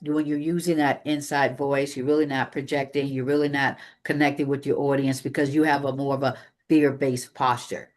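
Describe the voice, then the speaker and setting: Presenter type: energetic speaking coach, mid-pitched, emphatic, working a live meeting room. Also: normal speed. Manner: energetic, emphatic, varies pace for demonstration.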